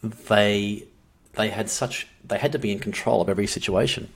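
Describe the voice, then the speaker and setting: A man speaking as a guest on a podcast, earnest and reflective, often restarting his sentences. His voice is very low and husky, with a soft rasp. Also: normal speed. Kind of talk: casual podcast conversation.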